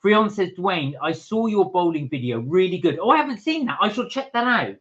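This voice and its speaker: A man's voice: high voice, sing-song, a little fast, fairly bright tone, lo-fi sound. A man co-hosting a casual live stream from England, chatting and reading viewer comments aloud.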